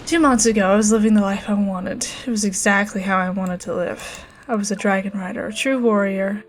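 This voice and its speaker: A woman reading the lines of a heartbroken, bitter young male dragon rider in a game, in a subdued, halting way, with faint game music behind. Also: mid-range voice, steady tone, close to an everyday voice. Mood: bitter, grieving.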